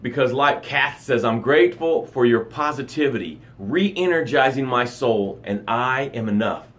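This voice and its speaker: A man's voice: mid-range voice, moderate pace. Middle-aged guy coaching live on camera, big swooping voice, dramatic motivational talk. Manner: dramatic, animated delivery with acted-out sounds and gasps. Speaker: life coach. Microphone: camera for a live stream.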